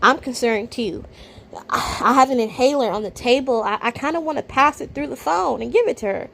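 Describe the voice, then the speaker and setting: A woman with a high, bright-pitched voice reacts to a video in casual, blunt commentary. She sounds incredulous, dropping to low mutters and then bursting out loud. A faint hiss sits under her voice. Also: moderate pace, gravelly.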